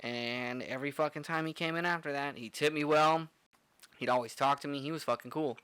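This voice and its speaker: Young male bartender, foul-mouthed rambling storyteller, bright voice. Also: fairly high pitch, fairly quick, clean tone, no room sound. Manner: profane, rambling with many "like" fillers. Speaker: podcast co-host, bartender. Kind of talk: casual storytelling chat.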